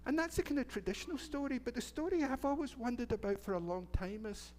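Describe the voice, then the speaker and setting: A man's voice: extremely high pitch, animated, quick pace, darkish tone. A middle-aged Scottish man, a minister, telling a children's story in church in a chatty, playful way and asking the children questions. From Scotland. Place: church sanctuary.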